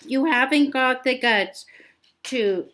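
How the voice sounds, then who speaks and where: A woman's voice: high-pitched, a bit bright, a little hiss or hum. A woman voicing a defiant, mocking teenage boy wizard while reading a story aloud, with frequent stumbles. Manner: halting, repeats words.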